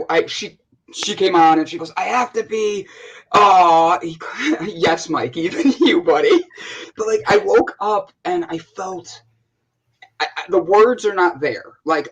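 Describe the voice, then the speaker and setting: A man with an American accent co-hosting a casual chat, telling stories in an animated way with many restarts. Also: fairly high pitch, low-quality recording. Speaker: co-host.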